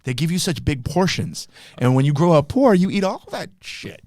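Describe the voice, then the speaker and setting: A male comedian jokes through a casual podcast interview, crooning snippets of old songs now and then. His speech swings widely in pitch, and the recording is close and dry with no room sound. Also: sing-song, normal speed, darkish tone, no room sound. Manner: joking, croons song snippets. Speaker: comedian guest. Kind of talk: casual chat.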